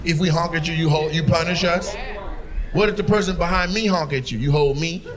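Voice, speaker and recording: A man's voice: fairly high pitch, a little fast. A man doing teasing, profane crowd work as a stand-up comedian on a club stage. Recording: live show with crowd noise. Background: audience laughter.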